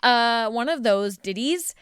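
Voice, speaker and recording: A woman co-hosting a podcast, chatting playfully with drawn-out emphasis. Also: fairly high pitch, animated, fairly bright tone, clean tone, dry recording, clean studio sound. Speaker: podcast co-host. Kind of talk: casual podcast chat.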